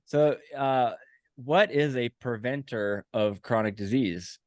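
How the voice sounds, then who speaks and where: A man's voice: mid-range voice, slow, a little mellow, no room sound, clean studio sound. A man in his forties hosting a podcast, telling stories in a rambling, self-mocking way. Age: 40s. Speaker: podcast host. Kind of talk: casual podcast chat.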